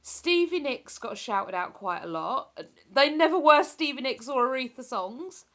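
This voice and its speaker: A woman's voice: high voice, expressive, measured pace, a bit bright. A woman chatting casually on a live stream, rambling and laughing as she reads out messages from her viewers. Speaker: live streamer reading chat.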